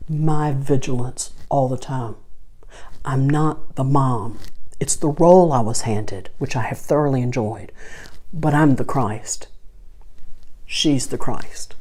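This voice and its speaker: An older woman giving a spiritual talk, telling lively stories and slowing down to stress her points with earnest emphasis. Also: extremely low pitch. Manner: animated storyteller who acts out dialogue, then slows to earnest emphasis. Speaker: spiritual teacher.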